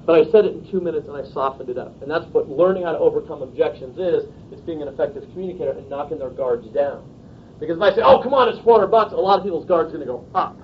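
High-voiced direct male sales trainer. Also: fast. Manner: direct, checks in with "okay?". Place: training room, filmed on video camera. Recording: dull lo-fi video with faint rumble.

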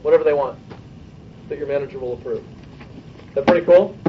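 A man coaching his sales team in a meeting, brisk and persuasive, checking in with "okay?" and firing off rhetorical questions. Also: fairly high pitch, far from the mic, muffled recording, background noise. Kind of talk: sales training talk to a room.

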